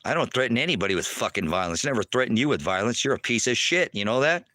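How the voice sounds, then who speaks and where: A man's voice: mid-range voice, expressive, fast, no echo. Furious, profane man ranting. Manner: furious, profane, taunting, often shouting. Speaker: livestreamer. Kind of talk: angry livestream rant. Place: outdoors at a rural homestead.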